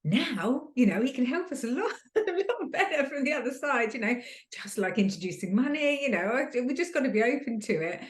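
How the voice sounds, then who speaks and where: A woman's voice: high voice, expressive, fairly quick. A woman chatting casually with her sister, rambling with lots of fillers and restarts. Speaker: guest, host's sister. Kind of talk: casual chat. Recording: echoey room sound.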